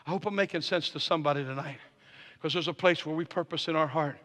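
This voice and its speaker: A man preaching a charismatic sermon as guest speaker, swinging from hushed talk to shouted declarations and telling stories with quoted dialogue. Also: a little high, fast. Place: church sanctuary. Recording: long hall reverb of a church.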